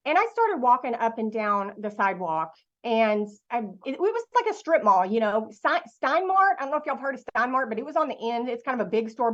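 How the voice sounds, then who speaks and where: A middle-aged woman giving a motivational talk to an online audience, telling a lively story and asking her listeners questions. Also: sits high, highs cut off. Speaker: guest speaker.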